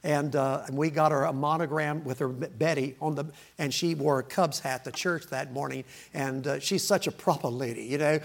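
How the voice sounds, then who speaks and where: A man's voice: on the high side, steady tone, normal speed, gravelly, hardly any pauses. A middle-aged man, preaching as a guest and joking with the congregation. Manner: folksy, joking, laughing between lines. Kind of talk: sermon with joking opening remarks.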